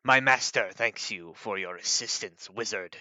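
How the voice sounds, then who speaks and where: A man voicing a deep, grumbling dragon. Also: moderate pace, sharp tone, no room sound. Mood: menacing. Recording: dull lo-fi mic.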